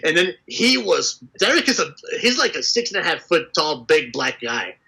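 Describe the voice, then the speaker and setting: A man being interviewed as a tour manager, telling road stories in an animated, chatty way and often breaking into laughter. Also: a little high, moderate pace, vocal fry, breathy edge, low-quality recording. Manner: animated, laughing storyteller full of "like". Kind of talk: casual storytelling interview.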